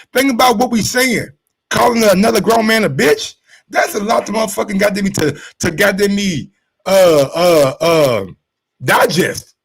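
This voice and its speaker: A male host riffing on a sports show in a loose, casual way. His voice sits high for a man. He gets worked up, swears freely and stumbles over repeated words as he keeps talking. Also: gravelly, fairly bright tone, husky, low-quality recording. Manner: fired up, profane, repeats words when worked up.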